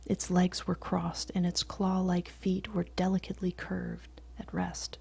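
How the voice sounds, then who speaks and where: A woman reading a short story aloud in a soft, often whispered voice, slow and steady. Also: fairly low pitch, gravelly, slightly rough.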